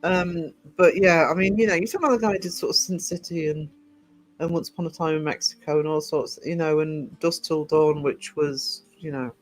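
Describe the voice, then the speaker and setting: Man, livestream host, casual rambling chat, slightly higher voice, faint guitar music behind. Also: steady tone, normal speed. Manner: rambling, hesitant, full of ums. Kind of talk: casual chat reading live comments.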